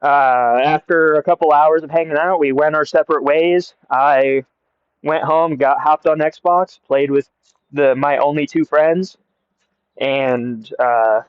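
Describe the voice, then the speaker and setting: With a fairly high, steady voice, a young American vlogger slowly spins a rambling outdoor tale, breaking into laughter a lot. His delivery is smooth, with no room sound at all. The earbud mic gives a dry, muffled, lo-fi quality.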